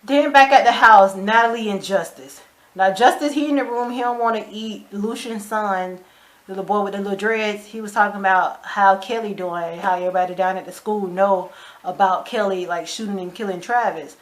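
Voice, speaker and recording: A woman giving a casual recap of a TV episode, retelling scenes bluntly with lots of swearing and sharp asides. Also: mid-range voice, normal speed. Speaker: show recap vlogger.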